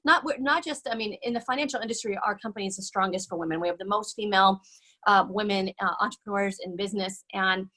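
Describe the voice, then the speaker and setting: A woman's voice: medium pitch, fast, bright, forceful tone. A woman hosting an online event, talking casually and upbeat to her audience with many fillers. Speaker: event host.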